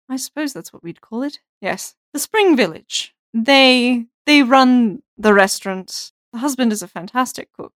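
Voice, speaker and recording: A woman's voice: on the high side, no echo, clean studio sound. Woman doing a chatty male elf innkeeper. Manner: chatty and welcoming, loud delivery.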